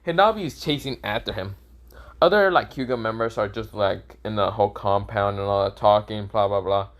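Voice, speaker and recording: A man's voice: lowish voice, brisk. A young man improvising a fan story, rambling and correcting himself, swearing casually.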